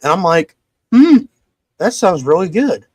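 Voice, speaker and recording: A podcast host rambling through a sponsor read in a slightly high voice, swearing and stumbling as he goes. His mic sound is close and dry, with no room around it. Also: sing-song, unhurried, darkish tone, breathy edge, dry recording.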